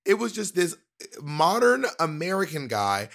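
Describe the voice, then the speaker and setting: A man from the Georgia area co-hosting a casual chat, telling animated stories and slipping into impressions. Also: a little high, a little slow, vocal fry. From Columbus, Georgia area. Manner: animated storyteller who slips into impressions.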